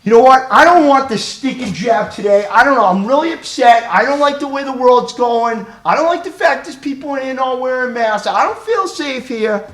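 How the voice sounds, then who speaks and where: A man voices an anxious, agitated man, and he complains loudly and insistently. The voice sits well above his usual register and bounces around as it climbs. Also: high-pitched, animated, a little fast, few pauses, roomy sound, voice pushed up. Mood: upset. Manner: loud, worked-up complaining.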